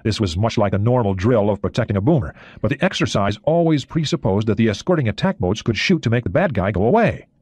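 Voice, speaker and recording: A man reading an audiobook in a steady, expressive way. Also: fairly low pitch, fast talker, hardly any pauses, husky, no echo. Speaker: audiobook narrator. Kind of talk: audiobook narration.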